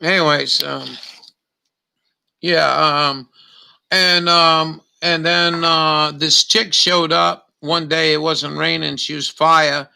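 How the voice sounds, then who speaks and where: A man's voice: on the high side, level tone, slow pace, creaky, sharp tone, echoey room, distant mic. An older man telling rambling, profane stories in a meandering monologue. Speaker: vlogger.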